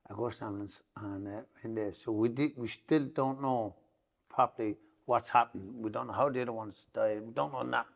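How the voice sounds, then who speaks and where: A middle-aged man with an Irish Traveller accent delivers a rambling, emotional story on a podcast, repeatedly swearing to its truth. He speaks briskly in a gravelly, mid-range voice.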